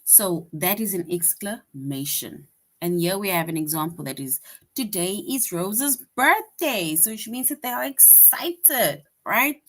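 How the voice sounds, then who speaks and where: A woman teaching an online grade-school lesson, patient and repetitive, often checking in with "right?" and acting out example sentences with sudden lively bursts. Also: on the low side, unhurried.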